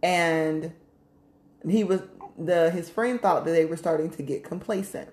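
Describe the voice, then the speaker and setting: Low-voiced woman chatting in an echoey room. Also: a little slow, darkish tone. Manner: candid, profane, laughs often. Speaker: podcast co-host. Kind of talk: casual chat.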